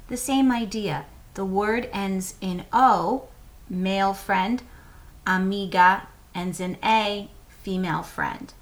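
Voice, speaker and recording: A woman teaching Spanish words to young students, saying each word slowly and asking the class to repeat it. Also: mid-range voice. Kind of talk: slow, clear classroom instruction to children.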